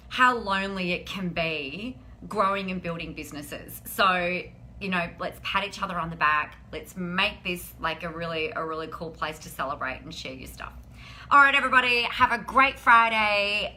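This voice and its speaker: A woman's voice: medium pitch, pushed and bright, slight background noise. A woman hosting a live stream, chatting in an upbeat, encouraging way and often saying "like". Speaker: host of a weekly live business show. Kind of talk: casual live-stream chat.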